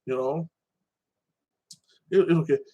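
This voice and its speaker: A man's voice: fairly high pitch, measured pace, dark tone, lo-fi sound. A man casually recapping TV and anime episodes in a loose, rambling way, full of filler phrases. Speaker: TV and anime reviewer.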